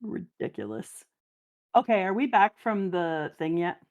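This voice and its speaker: Chatty, animated woman guest on a live stream, laughs a lot. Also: fairly low pitch, a little slow, highs cut off. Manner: animated storyteller, laughs often. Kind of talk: casual chat.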